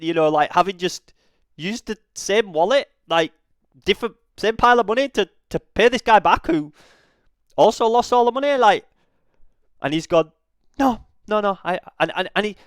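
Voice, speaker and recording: Animated, swearing man. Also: high-pitched, no room sound, studio quality. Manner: animated, swearing, many restarts. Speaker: reaction video host. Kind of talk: casual commentary.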